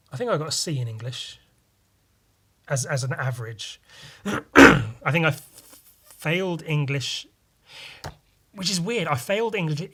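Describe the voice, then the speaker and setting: A man with a slightly high voice talks through a casual solo podcast. He rambles along, swears freely and makes fun of himself. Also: fairly bright tone, slightly rough. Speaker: podcast host.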